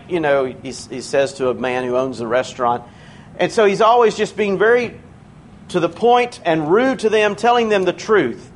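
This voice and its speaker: A man preaching a sermon in a church, conversational and earnest, slowing down to stress key words. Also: high-pitched, animated, a little hiss or hum.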